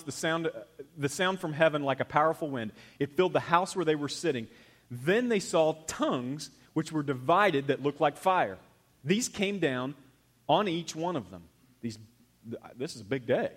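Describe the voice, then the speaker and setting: A man, preaching a sermon to his congregation and swinging between loud emphasis and hushed intensity. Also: a little high. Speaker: pastor. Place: church.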